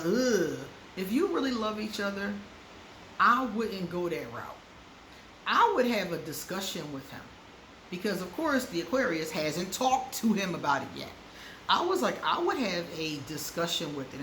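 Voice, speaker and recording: A woman giving frank relationship advice to her viewers in a casual chat, laughing often and repeating words for emphasis. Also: fairly low pitch. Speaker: astrology advice vlogger. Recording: roomy echo with faint background noise.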